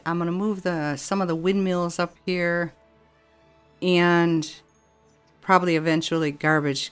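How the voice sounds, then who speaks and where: Exasperated woman grumbling through a city game. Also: on the low side. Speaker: game streamer. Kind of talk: gameplay commentary.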